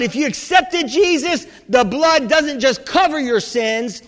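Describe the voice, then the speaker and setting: A pastor preaching a sermon with fervent energy, often rising into shouts and restarting his sentences. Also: very high voice, moderate pace, few pauses. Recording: church hall with long reverb.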